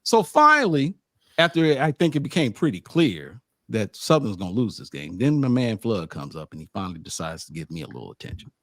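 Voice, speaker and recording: A man with an animated, stammering manner, telling a casual story as a sports media host. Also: on the low side, a little fast, no room sound, clean studio sound. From United States. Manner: animated, acts out quotes, frequent stammered restarts.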